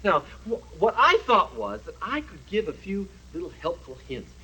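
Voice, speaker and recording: A man's voice: high-pitched, wildly swooping pitch, normal speed, sharp tone, a little hiss or hum, exaggerated voice, poor audio. A man voicing a boastful, good-natured male dragon who keeps running for office, talking in pompous rambling patter for a TV puppet show. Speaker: puppet character. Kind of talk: 1970s TV puppet comedy.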